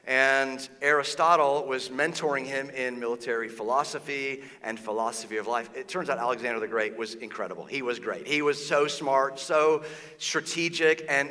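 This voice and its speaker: Bright-voiced pastor preaching in a hall. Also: male voice, fairly high pitch. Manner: lively storytelling with casual slang and quoted voices. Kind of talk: sermon.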